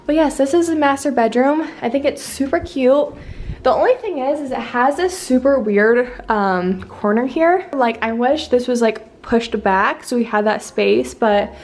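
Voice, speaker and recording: A woman's voice: high voice, unhurried, a little mellow. A young woman vlogging a tour of her empty apartment, chatty and upbeat, with lots of "like" fillers. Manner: chatty, uses "like" often, upbeat. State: a bit out of breath. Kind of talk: casual home tour vlog. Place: empty apartment with bare rooms, indoors.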